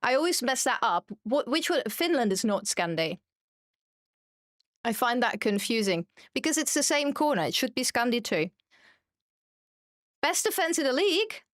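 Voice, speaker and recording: A woman's voice: a little high, very animated, normal speed, dry recording, studio quality. A young German woman streaming a game, chatting casually and joking at her own expense as she reads viewer comments. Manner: chatty and self-mocking, reads chat aloud. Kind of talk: casual chat while gaming.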